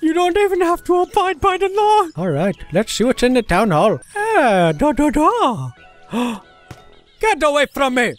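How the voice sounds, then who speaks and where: A high-voiced game commentator whose pitch leaps all over as they gasp and shout. The delivery is excitable and comic, with faint music playing underneath. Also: unhurried. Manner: excitable, gasping and exclaiming. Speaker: gameplay commentator. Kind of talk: comedic gameplay commentary.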